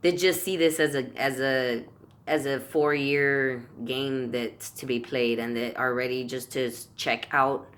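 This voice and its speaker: A man's voice: mid-range voice, fairly even intonation, unhurried, a bit bright, a little hiss or hum. A man vlogging a heated rant to camera, swearing constantly and tripping over his words as he repeats himself. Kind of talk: profane political rant to camera.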